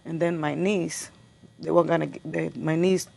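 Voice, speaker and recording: A middle-aged woman giving a personal account as an interview guest, halting and repeating words as she remembers. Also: sits low, steady tone, vocal fry, darkish tone.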